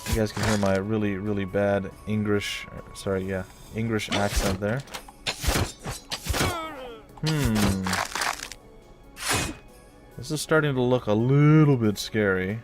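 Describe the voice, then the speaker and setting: A man's voice: on the low side, takes it slowly, long pauses, over loud music. A man hosting a gameplay video, chatting and joking with his viewers as he plays. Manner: chatty and jokey, addressing viewers as guys and folks. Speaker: let's play host. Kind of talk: casual gameplay commentary.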